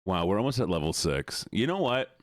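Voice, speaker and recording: Man, streamer, casual chat, playful, lively intonation, dry sound. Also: on the low side, brisk, dry recording. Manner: playful, laughs often, thanks viewers.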